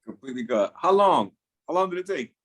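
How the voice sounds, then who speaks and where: Animated joking man hosting a podcast. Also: a little high, a little fast. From Miami. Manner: animated, joking, laughs often. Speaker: podcast host. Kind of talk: casual podcast conversation.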